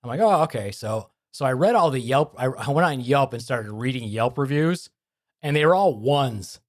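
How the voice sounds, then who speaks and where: A man's voice: mid-range voice, moderate pace. A man hosting a podcast in casual chat, telling stories and acting out the people in them. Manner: lively storyteller who acts out quoted people. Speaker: podcast host.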